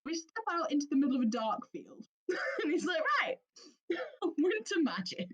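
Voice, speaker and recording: A woman from England co-hosting a podcast, telling an animated story with plenty of laughter and quoted voices. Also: high-pitched, moderate pace, lo-fi sound. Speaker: podcast co-host. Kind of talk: casual chat, storytelling.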